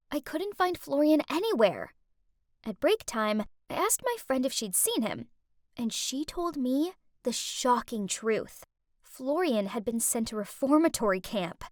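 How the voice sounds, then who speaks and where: Lively, high-voiced young woman narrator. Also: no echo, clean studio sound. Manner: expressive, dramatic, teenage-sounding. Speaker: story narrator. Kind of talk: animated story narration in first person.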